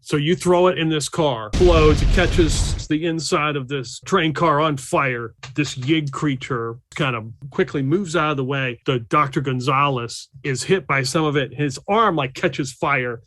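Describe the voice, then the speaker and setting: A man's voice: on the high side, a little slow, hardly any pauses, fairly bright tone. A man narrating a tabletop horror game as game master, with a loose, rambling delivery full of fillers.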